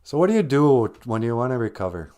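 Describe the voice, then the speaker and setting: A man hosting a live stream, talking casually about grief with gentle, self-deprecating humor while holding back tears. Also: medium pitch, sing-song, fast. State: close to tears.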